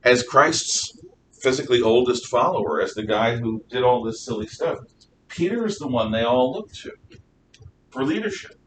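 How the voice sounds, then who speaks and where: Animated man lecturing to a class. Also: normal speed. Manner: animated, acts out dialogue with shifting voices. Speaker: teacher. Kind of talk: classroom lecture retelling Bible stories. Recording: distant mic with faint rumble.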